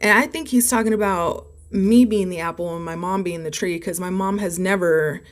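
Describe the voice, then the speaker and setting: A young woman telling a storytime vlog, rambling and swearing heavily, flaring up loud when angry. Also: on the low side, normal speed. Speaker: vlogger.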